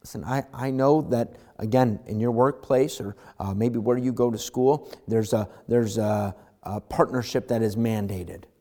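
A middle-aged male pastor preaching a sermon, swinging from loud emphatic lines to hushed ones. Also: medium pitch, a little slow.

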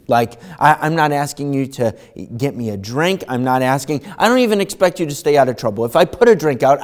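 A man preaching a sermon in a church, talking conversationally and acting out little scenes. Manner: animated, conversational, acts out voices with rising pitch. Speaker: pastor. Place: church sanctuary.

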